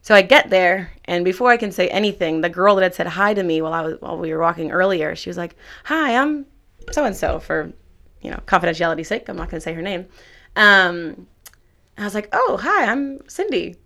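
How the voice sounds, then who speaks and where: Speaking quickly in a voice on the low side, a young woman shares a faith story in a casual way. She's animated, performs the quoted dialogue, and uses plenty of "like"s.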